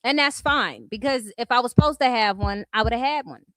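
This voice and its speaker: A woman's voice: on the high side, animated, fairly quick, a bit bright, no echo. A woman from California with a Californian accent, ranting bluntly and profanely at trolls on her commentary vlog. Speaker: YouTube commentary host.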